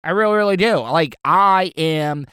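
Male solo podcaster, slightly high voice, dry close sound, rambling and crude, lots of restarts. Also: moderate pace, pushed and bright, smooth, no echo. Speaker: podcast host. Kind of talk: casual solo monologue.

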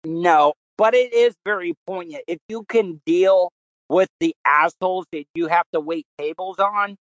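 A man hosting a casual podcast, relaxed and chatty. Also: high voice, a little slow, no room sound, muffled recording. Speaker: podcast host. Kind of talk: casual chat.

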